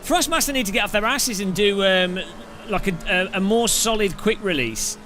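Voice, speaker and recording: A man's voice: high-pitched, expressive, normal speed, pushed and bright, a little hiss or hum. A man chatting casually on a live stream, rambling and jokey, laughing often.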